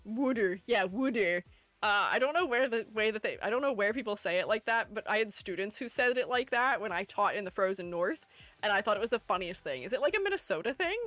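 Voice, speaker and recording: A woman's voice: medium pitch, expressive, fast, fairly bright tone, no echo, faint music behind. A woman streamer in casual livestream chat, playful and chatty, reading her viewers' messages aloud and answering them. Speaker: streamer ranking game character designs.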